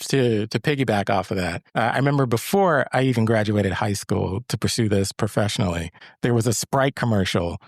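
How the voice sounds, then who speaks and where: A man's voice: on the low side, a little fast, hardly any pauses, no room sound, clean studio sound. A young adult man, an actor and co-host, telling a story in a casual chat and often repeating words as he starts. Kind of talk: casual conversation.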